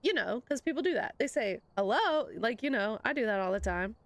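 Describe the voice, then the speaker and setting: A woman's voice: on the high side, lively intonation, fast, no echo. A young woman streamer chatting casually to her viewers, rambling through a story, laughing often and greeting people in an upbeat voice. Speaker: live streamer. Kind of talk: casual live-stream chat.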